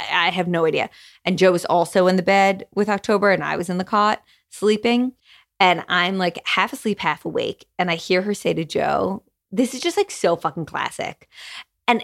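A young woman hosting her own podcast, chatting candidly and casually, swearing freely and saying "like" a lot, with a gravelly fry in her voice. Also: fairly low pitch. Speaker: podcast host. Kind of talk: casual solo podcast chat.

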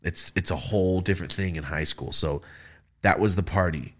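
A young man hosting a podcast, telling party stories in casual, profane, animated style. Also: low-pitched, moderate pace. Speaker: podcast host. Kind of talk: casual storytelling.

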